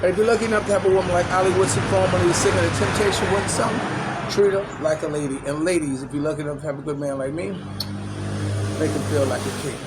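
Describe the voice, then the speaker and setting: Steady traffic and street noise fill the background as an older man with a fairly high voice gives casual vlog commentary at a small outdoor spot after tennis. His intonation is fairly even, and he chuckles and says "you know" to fill pauses.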